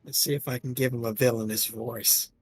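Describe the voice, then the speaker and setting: A man's voice: medium pitch, fairly even intonation, fairly quick, slightly rough, no room sound. A man chatting casually and jokingly while voicing game scenes on a stream, with faint music behind. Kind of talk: casual chat.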